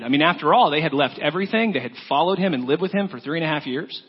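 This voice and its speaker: A pastor preaches an earnest sermon, retelling a story and voicing its lines himself. His voice is fairly high and a little husky. The sound is dull and lo-fi, ringing with the long reverb of a large hall. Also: quick pace, hardly any pauses.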